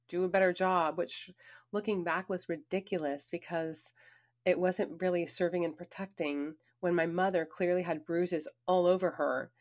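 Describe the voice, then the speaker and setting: Woman reading her own memoir, lowish voice, earnest and emphatic, chatty asides. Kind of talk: personal memoir narration.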